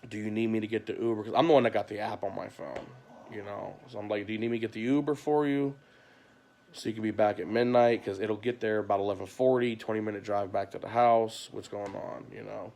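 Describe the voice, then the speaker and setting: A man talks into his phone late at night at home, venting in a long, rambling livestream. His voice sits a little low with a gravelly rasp. He circles back on himself with constant "you know" and "like", frustrated and weary. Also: steady tone, fast talker, a little mellow. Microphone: phone camera.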